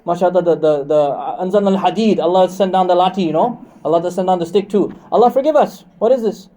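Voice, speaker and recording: A man's voice: high-pitched, quick pace, warm tone, rough recording. A man preaching a sermon on Quran commentary, joking with the congregation and asking them questions. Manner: joking, conversational, asks the crowd questions.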